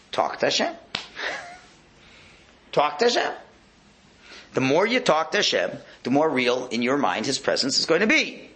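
A man teaching a religious lecture to an audience, acting out voices and dropping to a whisper. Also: medium pitch. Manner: animated, acts out voices, drops to a whisper. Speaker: rabbi giving a talk.

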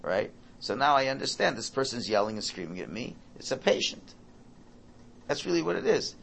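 A man giving an informal Torah talk, animated and acting out parent and child dialogue. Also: mid-range voice, moderate pace, vocal fry, slight background noise.

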